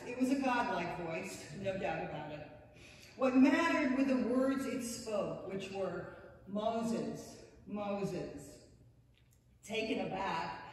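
A woman pastor delivers a storytelling sermon with wry, playful asides. Her voice rings through a reverberant church sanctuary, caught by a mic set some way off. A faint hum of room ambience sits underneath. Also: mid-range voice. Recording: echoey church hall, distant mic.

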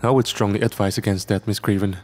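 Man doing a gruff burly foreman. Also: fairly low pitch, steady tone, fast talker, a little mellow, long reverb tail, soft background music, natural voice. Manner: curt, firm.

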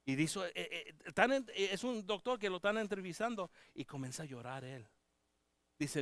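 A man preaching a sermon, moving between loud proclaiming and hushed pleading, with halting restarts. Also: high voice, expressive, dry recording. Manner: halting, with many restarts and fillers. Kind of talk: bilingual sermon. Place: church.

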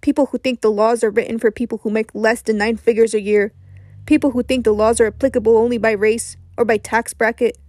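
A woman's voice: on the high side, little pitch movement, fairly quick, darkish tone, no echo, studio quality, natural voice. A woman voicing an older man, an earnest and disappointed mentor who presses with questions, in an audiobook reading.

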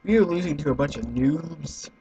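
A young man giving let's-play commentary, excitable, swearing and yelling at other players. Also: on the high side, moderate pace. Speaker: gaming YouTuber. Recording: slightly muffled with faint noise.

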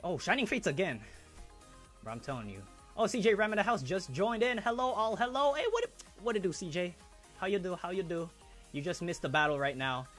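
A young man hosts a live stream from home, talking to his chat in loose, hyped slang. His voice sits a little on the high side, with faint music playing underneath. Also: a bit bright. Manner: hyped, slangy, chatty with viewers. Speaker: live stream host opening trading cards.

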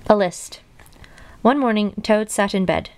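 A woman's voice: medium pitch, measured pace, darkish tone. A young woman reading a children's storybook aloud at her mother's house, with casual, chatty asides between passages. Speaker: reader of children's books.

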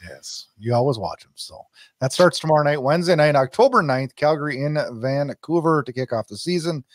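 A man's voice: on the high side, animated, fairly quick, no room sound. A man co-hosting a hockey podcast, ranting emphatically and repeating his points. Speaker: podcast co-host. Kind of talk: casual sports chat.

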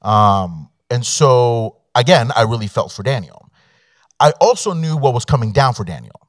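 A man's voice: mid-range voice, expressive, moderate pace, dry recording, studio quality. A man, an immigration attorney, telling a personal story to an audience in a conversational way, with fillers and quoted dialogue. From Mexico. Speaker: immigration attorney, guest speaker. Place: law school event room.

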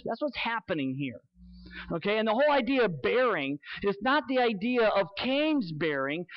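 High-voiced pastor preaching earnestly. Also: male voice. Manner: earnest, emphatic preaching with slow dramatic pauses. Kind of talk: sermon. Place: church sanctuary. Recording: dull lo-fi sermon recording.

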